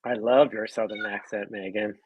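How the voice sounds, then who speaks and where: A man's voice: fairly low pitch, steady tone, normal speed, lo-fi sound, a little hiss or hum. A man on a whisky tasting panel, bantering casually and laughing often.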